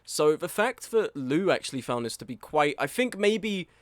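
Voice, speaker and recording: A man's voice: fairly high pitch, sing-song, moderate pace, dry recording, studio quality. A man in his early twenties, an author talking casually and candidly about a review of his book, rambling and losing his train of thought. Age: early 20s. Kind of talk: casual reaction commentary.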